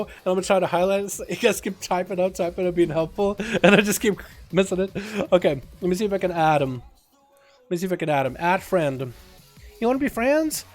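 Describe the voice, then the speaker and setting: A young man hosting a casual gaming livestream, sick, talking in an excitable, rambling way and laughing often. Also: sits high. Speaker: livestream host. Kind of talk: casual gaming stream chat.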